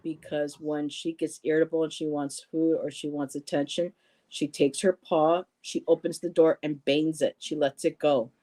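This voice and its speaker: A woman with a low, mellow voice hosts a casual livestream at a moderate pace, her delivery flat. She reads viewer comments aloud and greets people by name, often saying um and restarting. The audio quality is poor.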